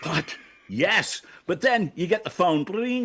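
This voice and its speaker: An older man hosting a comic segment over a video call, stammering and acting out scenes in shouted voices. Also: high voice, lively intonation, slow, slightly rough. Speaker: segment host. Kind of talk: comic rant.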